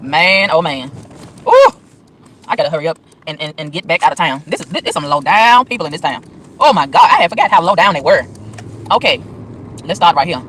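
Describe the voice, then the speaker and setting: A man vents in a rapid, swooping rant while driving through town. His voice is high and bright, and faint traffic noise hums behind him. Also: poor audio. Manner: animated, profane, exasperated ranting. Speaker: vlogger. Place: in a car on city streets.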